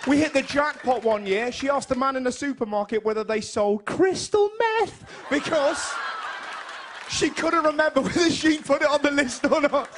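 A young man with an English accent doing a lively stand-up comedy routine on stage, telling stories and acting out his mother's lines. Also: very high-pitched, moderate pace, background noise. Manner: animated storytelling, puts on his mum's voice in quotes. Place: stage in front of a live audience.

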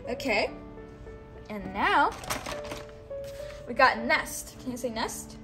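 A woman teaching a child one-on-one, speaking slowly and patiently and repeating words for the child to say back. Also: a little high, very animated, music in the background. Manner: slow, coaxing, repeats words for the child to echo.

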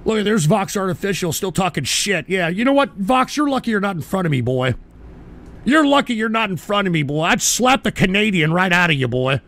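Brief: older male host, high gravelly voice, dry close sound, profane ranting at viewers. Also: sing-song, brisk. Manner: profane, shouting tirades at chat. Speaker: live show host. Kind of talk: ranting live-stream talk.

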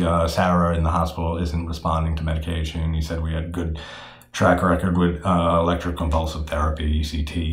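A man's voice: extremely low pitch, reverberant. A man talking casually and frankly about a film, swearing freely and using many fillers. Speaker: horror film reviewer.

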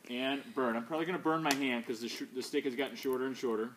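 A man's voice: mid-range voice, racing, noisy background. A tired man hosting a casual vlog outdoors by a fire at night. He jokes and rambles as he talks. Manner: joking, rambling. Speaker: vlogger host.

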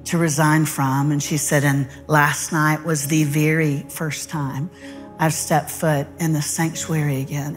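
A middle-aged woman, preaching a sermon and telling a story in an animated, folksy way. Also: sits low, a little slow, soft background music. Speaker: guest speaker.

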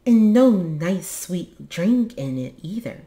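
A woman voicing a small, eager young male troll in a storybook reading, excited and raised in pitch. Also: slow pace, roomy sound, exaggerated voice. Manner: excited, high and loud.

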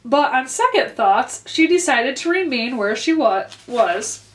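A woman's voice: sits high, measured pace. A woman librarian reading a children's story aloud expressively in a library. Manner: clear, expressive read-aloud. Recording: roomy echo.

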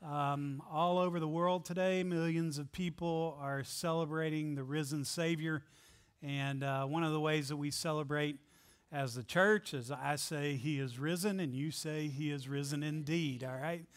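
A man preaching as pastor, joking with his congregation and reading scripture aloud in an animated way. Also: a little high, normal speed. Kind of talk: sermon. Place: church sanctuary.

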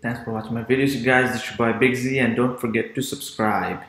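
A man giving excited casual reaction commentary as a sports vlogger, exclaiming often. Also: mid-range voice, a little fast, reverberant.

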